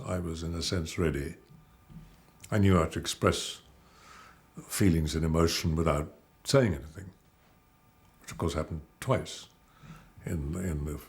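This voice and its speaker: An older male actor being interviewed, telling measured, rambling anecdotes about his career. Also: low voice, vocal fry. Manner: measured, anecdotal storytelling with digressions. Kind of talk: reminiscing interview.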